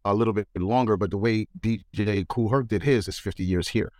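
A lower-voiced man, recounting his start in entertainment in a relaxed interview. He talks animatedly and slips into impressions of people in his stories. The recording is dry and close. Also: a little fast, dry recording. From New York. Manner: animated, mimics voices in anecdotes. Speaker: guest entertainer. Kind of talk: casual interview storytelling.

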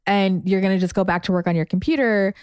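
A woman's voice: medium pitch, fairly even intonation, quick pace, darkish tone, clear, resonant tone, dry recording, studio quality. A woman with a Boston accent co-hosting a nutrition podcast, chatty and laughing often. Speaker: podcast co-host. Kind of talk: casual chat.

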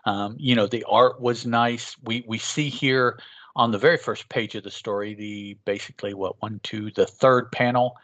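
A man co-hosting a casual podcast, talking in a measured, thoughtful way with halting restarts. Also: fairly low pitch, fairly even intonation, fairly bright tone, no echo, dull audio. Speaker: podcast co-host. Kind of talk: casual chat.

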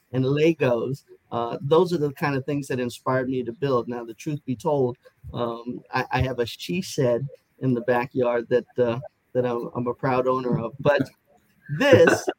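A man's voice: medium pitch, a little mellow, no echo, rough recording. A man hosting an interview, upbeat and chatty, asking guests questions with plenty of fillers. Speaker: interview host.

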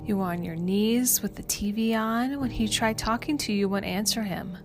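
A woman voicing a kind female doctor who speaks softly and soothingly, calling her patient dear and honey, in a story read over music. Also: mid-range voice, moderate pace, close to an everyday voice. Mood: gently reassuring. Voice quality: soft, gentle. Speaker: hospital doctor. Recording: music playing underneath.

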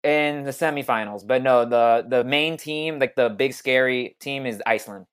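Man, casual podcast chat, animated, rambling, mid pitch. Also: normal speed, smooth. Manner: animated, rambling, quotes characters.

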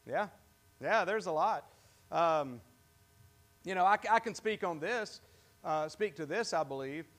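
High-voiced pastor quizzing his congregation. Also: animated, fairly bright tone. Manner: conversational, asks the congregation questions; halting, with many restarts. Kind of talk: interactive sermon. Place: church.

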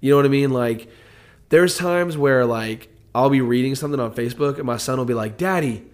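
A man's voice: medium pitch, brisk. A man in his thirties chatting casually, rambling and swearing often. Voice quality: relaxed, profane, rambling talk. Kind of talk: casual chat.

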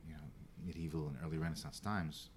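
A man telling a story in casual podcast chat as a guest, animated, restarting his sentences and swearing freely. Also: a bass voice, fast, a little hiss or hum.

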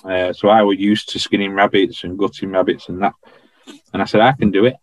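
A man tells anecdotes in a relaxed, chatty way, full of regional turns of phrase. His voice sits fairly low. The sound is dry and close, with little room around it. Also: fairly quick, no echo, rough recording. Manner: chatty anecdotal, dialect grammar like "I was stood". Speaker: podcast guest, former royal guardsman. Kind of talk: casual storytelling.

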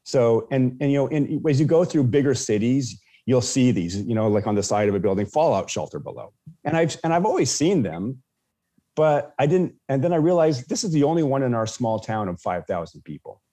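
A man's voice: mid-range voice, sing-song, fairly quick, mellow. A man casually telling a personal story as a podcast guest, with many restarts and fillers.

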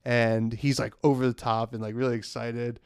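A man's voice: mid-range voice, little pitch movement, moderate pace, smooth, dry recording, studio quality. Laid-back young man telling a story. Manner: laid-back, rambling, laughs often, many fillers. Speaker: guest telling a work story. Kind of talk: casual storytelling chat.

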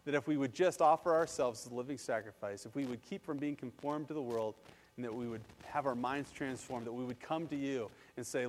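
A male pastor giving a lively sermon, acting out quotes and then leading a prayer. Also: mid-range voice, brisk, in a large hall. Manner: animated, acts out quotes and leads prayer.

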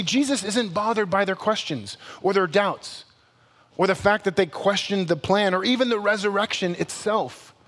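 A male pastor preaching a sermon in a conversational, animated way, with playful asides and quick self-corrections. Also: sits high. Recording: long hall reverb.

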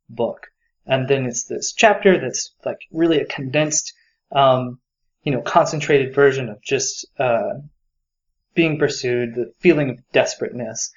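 On a casual book-discussion podcast, a medium-pitched man co-hosting rambles eagerly about a book, using many fillers. The audio quality is dull.

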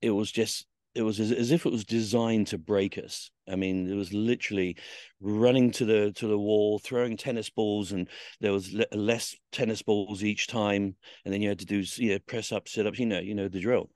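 This man has a fairly low, darkish voice with fairly even intonation and a normal speed. As a podcast guest he tells rambling, swear-filled stories from his past, full of fillers and restarts, voicing the people he quotes. The studio sound is clean with no echo.

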